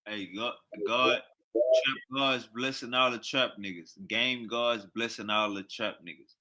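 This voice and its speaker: Bright-voiced man joking casually. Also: medium pitch, fairly even intonation, unhurried. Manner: loose, joking, trash talk. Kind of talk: casual chat.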